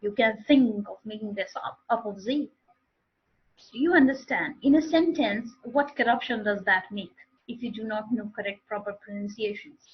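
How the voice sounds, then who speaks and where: A woman's voice: mid-range voice, normal speed, slightly rough, highs cut off. A woman teaching a live online English speaking class, explaining with repeated and restarted phrases.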